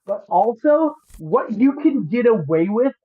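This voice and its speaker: A woman's voice: a little high, big pitch swings, measured pace, husky, dry recording. A woman streaming poker online, explaining her hands in a joking and profane way. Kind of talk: livestream commentary. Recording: dry, slightly dull lo-fi audio.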